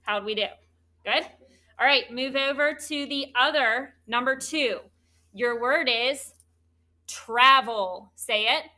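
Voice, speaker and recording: A woman teaching a third grade spelling lesson, spelling words out slowly and clearly letter by letter. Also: high-pitched, pushed and bright.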